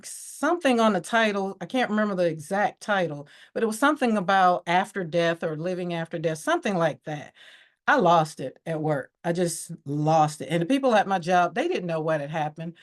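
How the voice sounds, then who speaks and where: A woman as a podcast guest, telling her personal story in a candid, reflective way, livening up when she quotes others. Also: mid-range voice.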